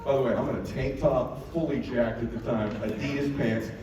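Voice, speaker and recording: A man giving a motivational keynote, telling a story in an animated way, acting out quotes and bursting into shouts. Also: mid-range voice, a little fast. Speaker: keynote speaker. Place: large event hall. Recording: echoey hall, mic from far off, noisy.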